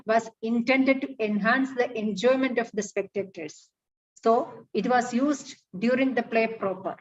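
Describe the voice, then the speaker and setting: Woman, formal paper reading, distant dull recording. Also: fairly high pitch. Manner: measured formal reading, recites Sanskrit verses. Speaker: academic paper presenter.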